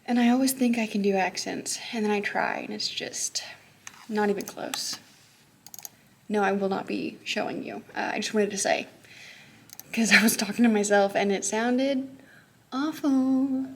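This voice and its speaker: A young woman, a high school teacher, chatting casually to her phone camera in a vlog, upbeat and full of "like" and "um". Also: fairly even intonation, moderate pace, breathy edge. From Texas. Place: her car and classroom.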